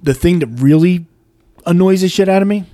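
A man's voice: high voice, fairly quick, warm tone. A man co-hosting a casual podcast, opinionated and ranting, reading out listener messages. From US East Coast. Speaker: podcast co-host.

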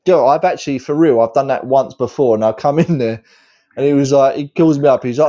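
A man's voice: medium pitch, fast, highs cut off. A man hosting a casual chat, swearing constantly and telling stories with energy. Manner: swears constantly, animated storytelling. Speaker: host.

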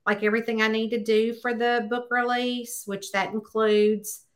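A woman author chatting in a podcast interview, telling stories and acting out bits of dialogue with high, excited exclamations. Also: moderate pace. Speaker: guest author.

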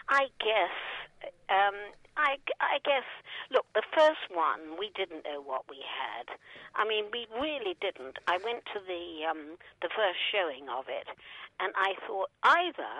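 An older actress as a guest, telling rambling stories full of fillers and laughter. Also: female voice, mid-range voice, big pitch swings, slow pace, bright, forceful tone, dry recording, low-quality recording. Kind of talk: anecdotal interview storytelling.

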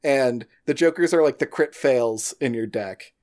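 A man's voice: mid-range voice, measured pace, a little mellow. A man chatting casually as a podcast guest, talking about making games in a loose, rambling way with lots of restarts. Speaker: podcast guest, game designer.

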